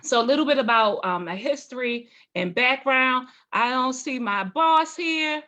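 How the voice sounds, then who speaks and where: A woman's voice: high voice, expressive, measured pace, sharp tone, lo-fi sound. A woman in her forties, a parole and probation agent, telling her life story with passion and rhetorical questions at a meeting. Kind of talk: personal testimony at a meeting.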